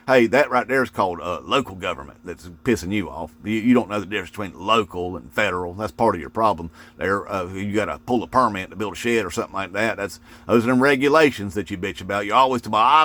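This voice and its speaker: A man's voice: fairly low pitch, fast talker, fairly bright tone. A man ranting to camera in a folksy, mocking way, with lots of "uh" fillers. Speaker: political video commentator. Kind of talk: casual rant to camera.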